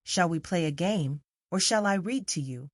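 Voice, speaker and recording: A cold, uneasy gentleman, voiced by a woman narrator in an audiobook, cutting and a little declamatory. The voice sits slightly low. It is recorded dry and close. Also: animated, normal speed, no room sound.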